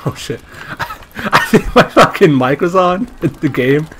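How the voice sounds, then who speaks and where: Excitable swearing young man gaming. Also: a little high, a little slow, slight background noise. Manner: excitable, profane, yelps and laughs. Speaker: gamer. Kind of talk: casual gameplay commentary.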